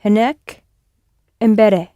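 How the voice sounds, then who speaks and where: A woman's voice: mid-range voice, steady tone, takes it slowly, warm tone, no echo, studio quality. A woman student in a language lesson, hesitantly working out her answers aloud.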